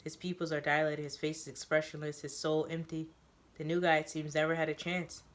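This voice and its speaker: A man's voice: on the high side, a little fast. Man narrating a story. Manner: steady, descriptive narrating. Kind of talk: first-person story narration read aloud.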